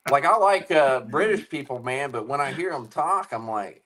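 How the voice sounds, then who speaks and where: A man's voice: medium pitch, lively intonation, moderate pace, a loud crowd. A man guesting on a casual chat, telling stories in a laid-back way and swearing casually. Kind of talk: casual banter.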